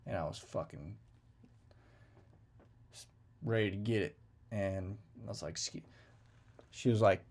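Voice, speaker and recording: A man's voice: fairly low pitch, measured pace, pauses often, darkish tone. A man telling a casual, profane story and acting out the exchanges he quotes. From United States. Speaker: veteran storyteller.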